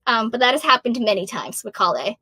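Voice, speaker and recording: A woman in her thirties with a high, very bright voice that is wearing thin from hours of talking. She answers fan questions in a bubbly, self-deprecating, animated way. The recording is dry, with almost no room sound. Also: brisk, slightly rough, dry recording. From Massachusetts. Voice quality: high-pitched. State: losing her voice. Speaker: voice actor guest. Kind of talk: casual Q&A answers.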